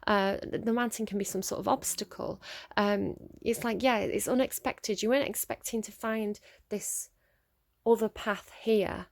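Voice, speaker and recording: A woman's voice: medium pitch, steady tone, creaky. Musing woman giving a tarot reading. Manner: musing, halting, many ums and restarts; laughs at her own slips. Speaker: tarot reader. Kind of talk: solo tarot reading to camera.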